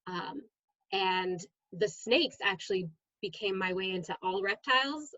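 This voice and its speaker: A woman, a middle school science teacher, chatting as a guest in an interview and telling lively stories with frequent "um"s. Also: medium pitch, unhurried, dry recording, muffled recording. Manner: lively storyteller, many "um"s. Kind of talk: casual interview storytelling.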